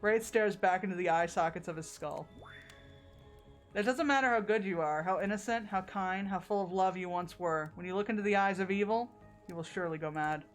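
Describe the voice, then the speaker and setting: A woman's voice: mid-range voice, fairly quick, faint music behind. A young woman streaming a game with a friend, reading the story aloud, laughing often and doing voices. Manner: lively, laughs often, does voices for characters.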